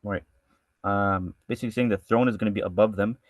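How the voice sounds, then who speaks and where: A man with a somewhat low voice leads a scripture lesson at a brisk clip. He reads the Arabic lines and translates them in a loose, conversational way, stumbling and restarting as he goes. The sound is dry and close. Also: fairly even intonation, dry recording. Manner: reads Arabic verses, then translates and explains with many restarts; casual and conversational in his explanations. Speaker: religious studies teacher.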